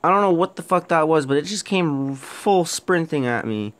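Young guy doing a horror let's play, super jumpy, cusses constantly, pitch all over the place. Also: lively intonation, normal speed. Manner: jumpy, swears a lot, shouts when startled. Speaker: gaming YouTuber.

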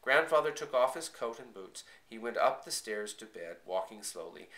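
A man reading a first-person children's story aloud, in a quiet, measured and earnest way. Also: medium pitch, lively intonation, reverberant. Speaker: audiobook reader.

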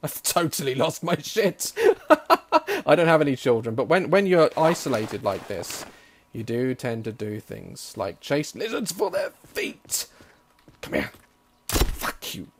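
An excitable young man talks through a survival game in a jokey, swearing running commentary. His pitch swings widely, full of lively ups and downs. There is a faint hiss behind him. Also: measured pace. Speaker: gaming YouTuber. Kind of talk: gameplay commentary.

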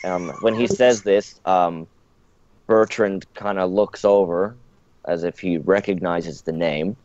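Low-voiced man running a tabletop game. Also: fairly even intonation, takes it slowly, darkish tone. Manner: hesitant, many fillers. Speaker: dungeon master. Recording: dull lo-fi dry mic.

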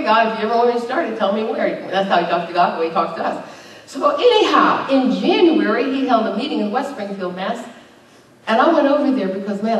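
A middle-aged woman pastor preaching a conversational sermon with emphatic bursts. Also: medium pitch. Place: church sanctuary. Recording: very echoey, distant church recording.

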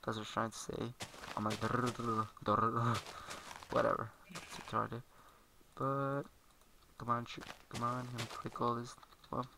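A man's voice: medium pitch, steady tone, moderate pace, gravelly, bright, forceful tone, a little hiss or hum, poor audio. A man giving casual let's-play commentary, rambling and correcting himself as he plays at a computer. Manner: rambling, self-correcting, talks while playing. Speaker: gameplay commentator.

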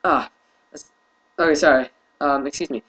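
A tired young man talks through a casual how-to tutorial, pausing often and apologizing as he goes. His voice is bright and a touch high, and he hesitates over his words. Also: rough recording. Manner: hesitant, apologetic, many fillers. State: tired, yawning. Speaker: video host.

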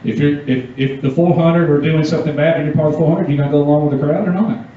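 A youth pastor speaks in a fairly high, fairly even voice at a quick pace, with a slight hiss or hum in the background. He gives a youth sermon in a church meeting room, reading scripture and tossing casual questions to the audience. The recording picks him up from a distance, with dull, echoey room sound.

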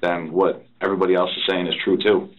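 A low-voiced man tells his side of the story in an interrogation room, rambling and swearing as he acts out what others said. The recording is muffled and dull, like a room recorder. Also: flat delivery, fast talker. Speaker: officer being interrogated. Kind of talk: recounting events under interrogation.

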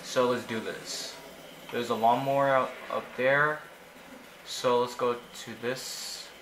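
A young man giving casual, excitable commentary while he plays a video game, often exclaiming in frustration. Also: medium pitch, slow, background noise. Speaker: gaming YouTuber.

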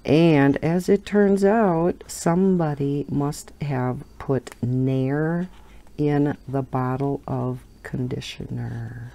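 A woman's voice: a bass voice, slow pace, creaky, mellow. A middle-aged woman hosting a coloring channel, chatting casually and telling stories with frequent laughter. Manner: chatty storytelling, laughs often. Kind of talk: casual chat while coloring.

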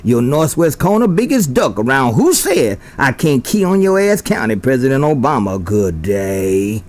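A man's voice: mid-range voice, sing-song, normal speed. A man chatting over a CB radio, calling out in a sing-song, rhyming patter with catchphrase sign-offs. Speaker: CB radio operator.

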